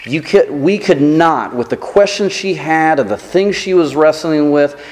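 A man preaching a sermon as pastor, telling self-deprecating stories in a lively, animated way. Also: a little high, a little slow, big-room sound.

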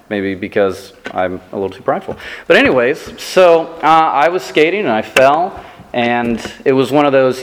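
A man preaching a sermon as pastor, telling self-deprecating stories in a lively, animated way. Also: medium pitch, long reverb tail, slight background noise.

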